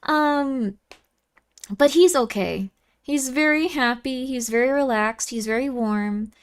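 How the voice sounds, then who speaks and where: A woman's voice: high voice, slow, clean tone. A young woman streaming and chatting casually with viewers, giggly and easily moved, with lots of fillers.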